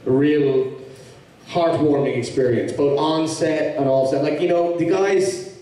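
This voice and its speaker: A man's voice: fairly high pitch, steady tone, measured pace, mellow. A man with an Irish accent, an actor guest at a fan convention panel, answering questions in a rambling, easygoing way with many restarts. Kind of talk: casual Q&A panel talk. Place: large convention hall with audience. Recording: echoey hall, mic from far off.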